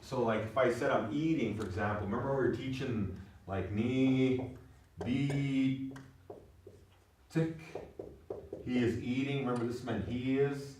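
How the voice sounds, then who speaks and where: A man teaching a language class talks briskly, with hardly any pauses, in a mid-range voice that has a darkish tone. He lays out words step by step and keeps asking "you know what I mean?" to be sure students follow. Slight background noise comes through the distant, echoey classroom recording.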